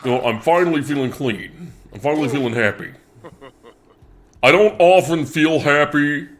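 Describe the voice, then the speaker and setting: Gruff older male politician, shouts then mutters fast, a man putting him on. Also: fairly high pitch, animated, soft background music, natural voice. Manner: swings between yelling and muttering. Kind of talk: comedic impression.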